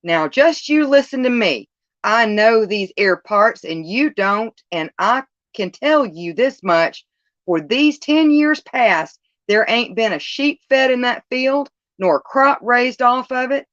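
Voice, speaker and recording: A woman's voice: fairly high pitch, animated, takes it slowly, fairly bright tone, no room sound, dull audio, pitched above the performer's own voice. A woman voicing a grave old male shepherd with rustic country speech and solemn warnings, in a storybook reading.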